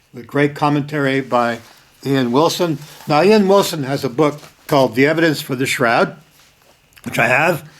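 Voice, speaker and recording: Older man, direct-to-camera commentary, emphatic, sudden forceful bursts, repeats himself. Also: on the high side. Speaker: video host. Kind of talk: casual spoken commentary.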